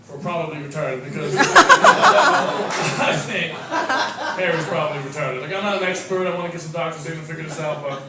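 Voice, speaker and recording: A man doing a stand-up set, swinging from loud, profane outbursts to muttered asides. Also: on the high side, steady tone, very fast, hardly any pauses. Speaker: stand-up comedian, English teacher. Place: comedy club stage before a laughing audience. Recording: echoey club, mic from far off, crowd noise. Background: laughing audience.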